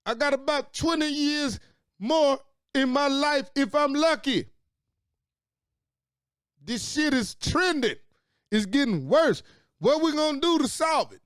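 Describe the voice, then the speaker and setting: Angry high-voiced man ranting. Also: lively intonation, takes it slowly, long pauses, a bit bright, no echo, studio quality. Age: late 40s. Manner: angry, profane, preachy. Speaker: talk show host. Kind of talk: impassioned monologue.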